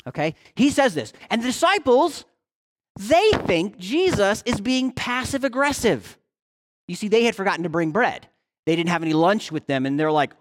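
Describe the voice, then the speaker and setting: A male pastor delivering a sermon with a lively, swooping pitch that rises and falls all the time. He talks to his congregation like a friend, tossing in quick check-ins. His volume keeps jumping from loud to hushed. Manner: conversational, with frequent "right?" check-ins; animated, swings between loud and hushed.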